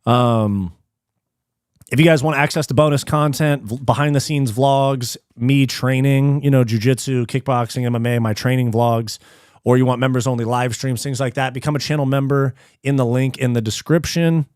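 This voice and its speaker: A man's voice: medium pitch, moderate pace, dry recording. Casual man streamer, dry close sound. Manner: reads viewer messages aloud and thanks them; relaxed, slangy, swears freely. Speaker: live stream host. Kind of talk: casual live stream chat.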